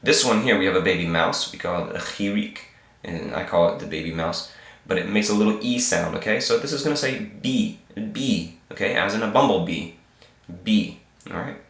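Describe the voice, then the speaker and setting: Slow, patient low-voiced man teaching. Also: a bit bright. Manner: slow, patient, repeats sounds for learners. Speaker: Hebrew teacher. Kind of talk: screen-share reading lesson. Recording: roomy echo.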